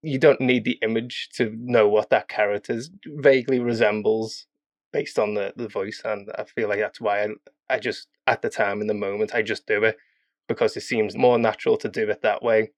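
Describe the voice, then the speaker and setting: A man chatting casually as a podcast guest, rambling and animated as he explains his game characters. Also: on the low side, no room sound. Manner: rambling, animated with quick voice demos. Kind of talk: casual chat.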